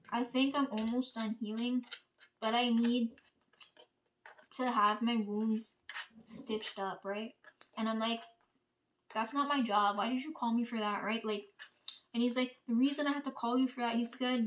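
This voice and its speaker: Vlogger, female, a touch higher pitched, loose and profane storyteller who keeps checking in with "right?". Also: a little hiss or hum. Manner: profane, rambling, peppered with "like" and "right?". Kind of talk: casual storytelling.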